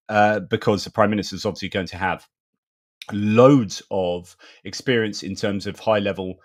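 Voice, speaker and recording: A middle-aged man hosting a live-stream news commentary in a chatty, rambling way, with many pauses and restarts. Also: on the low side.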